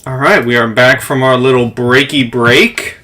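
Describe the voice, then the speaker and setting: A man running a tabletop game as game master, narrating scenes slowly with pauses between phrases. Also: mid-range voice, fairly even intonation, bright, forceful tone. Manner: slow descriptive narration with pauses.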